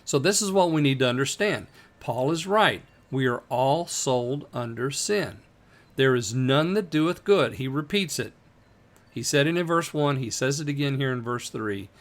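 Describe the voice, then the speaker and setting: A man teaching a Bible lesson in a relaxed, conversational way, slowing down to read scripture verses aloud with emphasis. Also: medium pitch.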